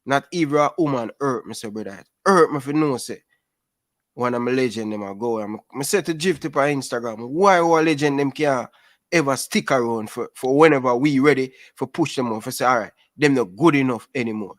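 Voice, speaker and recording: A man's voice: medium pitch, a little fast, no echo, studio quality. A man calling in to a fan show, talking animatedly and calling everyone brother. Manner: animated, patois-laced, calls everyone brother. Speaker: caller. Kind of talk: casual phone-in chat.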